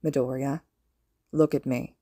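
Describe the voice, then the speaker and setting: A weary, gruff male teacher, as a woman reads him, speaks low and quietly in measured phrases. The voice sits deep and mellow for a fan audiobook, recorded dry and close. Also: fairly even intonation, dry recording. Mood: gentle, serious.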